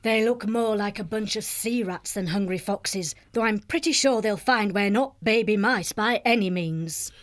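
A woman voicing a calm, motherly female abbey leader with a gruff, homely voice who reassures others in a storybook reading. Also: mid-range voice, normal speed, few pauses, natural voice. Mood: reassuring.

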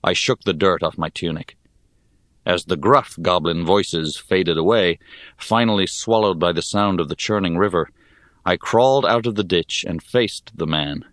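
A man narrating a fantasy story in the first person, in a measured, expressive way. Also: deep voice, no echo, clean studio sound. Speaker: audiobook narrator.

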